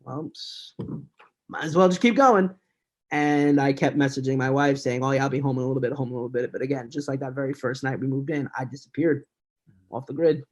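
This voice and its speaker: A man in his thirties, talking candidly as a podcast guest, with a pitch that sits mid-range for a man. He tells his story at a quick conversational pace and laughs now and then.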